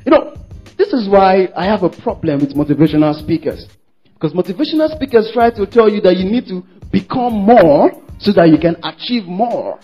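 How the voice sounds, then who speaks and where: High-voiced, husky, emphatic male preacher. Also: very animated, a little fast. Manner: emphatic, repeats phrases, calls for congregation responses; acts out worshippers' quoted words in shifting voices. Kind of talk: sermon. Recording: dull lo-fi sermon recording with faint music.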